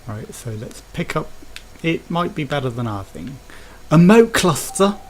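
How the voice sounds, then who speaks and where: In sing-song fashion and slightly slowly, a man with a Birmingham accent rambles through casual let's play commentary, chatting and thinking aloud. His voice is a little high. The audio is poor, with slight background noise.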